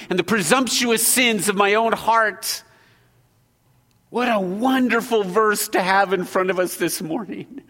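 A man preaching a sermon as pastor, earnest, moving between loud exhortation and hushed prayer. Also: sits high, long reverb tail.

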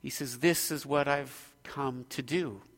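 A man's voice: medium pitch, fairly even intonation, measured pace, a bit bright, long reverb tail. A man preaching an expository sermon, earnest and emphatic, pressing his points with growing intensity.

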